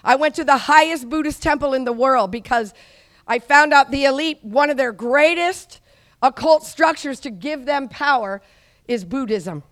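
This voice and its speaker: High-voiced preaching woman, dry sound. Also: moderate pace, dry recording. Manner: exhorting, call-and-response with the audience, rising to shouts. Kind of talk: charismatic sermon.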